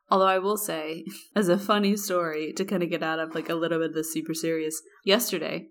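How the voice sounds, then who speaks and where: A woman's voice: on the low side, a bit bright. A woman co-hosting a podcast in casual chat, talking earnestly with lots of "like" and "you know". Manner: earnest and chatty, many "like" and "you know" fillers. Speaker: podcast co-host.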